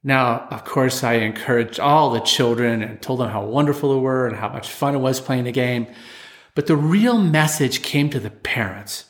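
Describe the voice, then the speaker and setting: A man who teaches martial arts, telling a story from his classes in an animated way and acting out the voices in it. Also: mid-range voice, normal speed. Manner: animated storyteller, acts out voices of children and parents. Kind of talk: storytelling talk.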